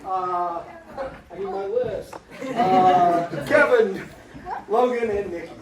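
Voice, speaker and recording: A high-voiced man hosts an improv show in a theater, upbeat and casual as he lays out the rules. He sounds far from the mic, with roomy echo and clear noise behind him. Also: takes it slowly, a loud crowd. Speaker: improv host. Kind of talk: explaining an improv game to a live audience. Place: theater stage.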